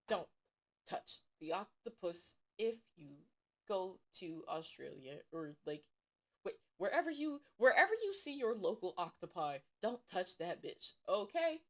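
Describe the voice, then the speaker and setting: A woman's voice: mid-range voice, very animated, unhurried, a bit bright. A woman from Ohio chatting casually on a stream, swearing freely and repeating emphatic warnings. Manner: profane, emphatic, repetitive warnings. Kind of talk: casual livestream chat.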